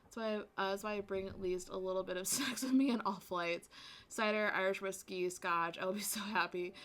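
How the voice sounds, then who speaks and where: Bright-voiced Midwestern woman streamer. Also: mid-range voice, steady tone, fairly quick. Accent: American Midwestern with some Southern. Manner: rambling, laughs often. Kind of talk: casual chat with viewers.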